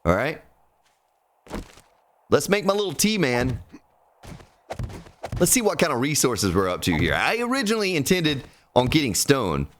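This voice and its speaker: A hoarse man giving excitable live-stream commentary while playing a survival game, exclaiming often and breaking into snatches of song. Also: medium pitch, unhurried, pauses often, a little hiss or hum.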